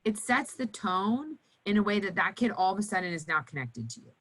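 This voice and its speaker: A woman occupational therapist teaching nurses in an educational panel talk, animated and acting out cheerful voices for children. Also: mid-range voice, brisk, rough recording.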